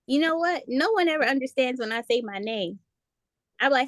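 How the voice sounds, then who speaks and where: A woman's voice: high voice, animated, moderate pace, a bit bright, dry recording, clean studio sound. A woman co-hosting a podcast in casual chat, playful and teasing, laughing often. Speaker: podcast co-host.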